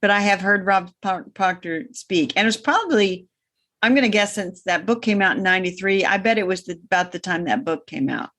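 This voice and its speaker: Female co-host who spins meandering anecdotes with dry humor, middle-pitched voice. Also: animated, brisk, a bit bright. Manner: rambling storyteller, wry. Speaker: gardening podcast co-host. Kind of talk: casual chat.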